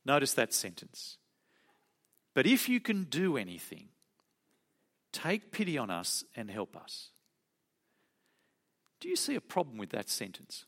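A male preacher delivering a sermon. His pitch swings widely as he acts out quoted speech, then drops into quiet, soft asides. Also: huge pitch swings, measured pace, pauses often.

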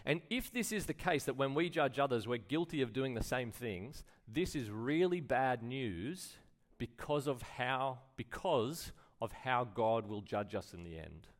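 Lively conversational man preaching. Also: mid-range voice, unhurried, few pauses. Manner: conversational preaching, rhetorical questions, acted-out quotes. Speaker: pastor. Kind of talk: sermon.

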